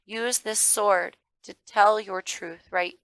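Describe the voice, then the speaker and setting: A woman's voice: mid-range voice, steady tone, slow pace, fairly bright tone, dry recording, poor audio. Woman, tarot reader, emphatic, calls you darling, dry sound. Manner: swears, gets worked up. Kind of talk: casual tarot reading to viewers.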